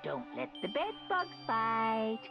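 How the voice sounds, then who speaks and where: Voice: mid-range voice, huge pitch swings, takes it slowly, exaggerated voice. An actor voicing a theatrical, mischievous bear mascot headmaster in a game. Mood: playful. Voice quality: sing-song, theatrical. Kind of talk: game voice acting. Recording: dull lo-fi game audio with music.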